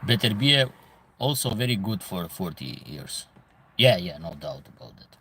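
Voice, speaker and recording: A man's voice: sits low, sing-song, normal speed, sharp tone, slight background noise. Emphatic man with an Albanian accent. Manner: emphatic, repeats phrases for stress. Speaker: host answering viewer comments. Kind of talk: casual live commentary.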